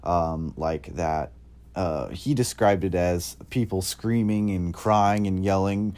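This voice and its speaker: Earnest man with a lowish voice. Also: steady tone, darkish tone, clean tone. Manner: earnest, halting with many fillers. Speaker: Christian speaker sharing his faith. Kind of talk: casual faith testimony.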